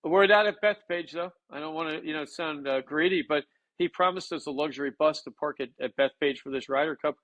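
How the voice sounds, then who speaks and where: A man co-hosting a casual sports betting chat, talking excitably with frequent stammered restarts. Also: fairly high pitch, a little fast, dry recording, dull audio.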